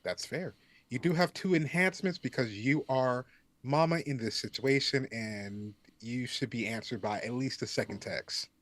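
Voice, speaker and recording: A man narrating a tabletop role-playing game as game master, pausing often with ums as he thinks. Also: medium pitch, a bit bright. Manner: slow, hesitant, many ums.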